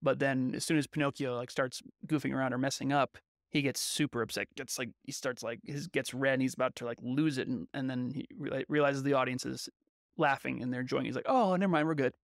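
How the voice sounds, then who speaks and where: A man co-hosts a podcast in relaxed, analytical talk, working his points out as he goes. His voice has a gravelly edge. The recording is dry, with no room sound at all. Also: medium pitch, a little fast, no room sound. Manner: thoughtful, analytical, searching for words. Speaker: podcast co-host. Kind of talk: casual podcast discussion.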